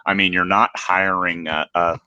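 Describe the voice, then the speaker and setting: A man's voice: low voice, little pitch movement, normal speed, pushed and bright, lo-fi sound, a little hiss or hum. A middle-aged man hosting a casual talk show, speaking candidly with many restarts. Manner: candid, rambling, self-deprecating. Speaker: podcast host. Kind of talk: casual chat.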